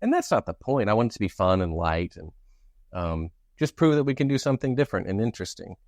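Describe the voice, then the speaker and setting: A young man co-hosting a podcast in casual chat, playful and jokey with sudden animated outbursts. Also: fairly low pitch, fast talker, no room sound, clean studio sound. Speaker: podcast co-host.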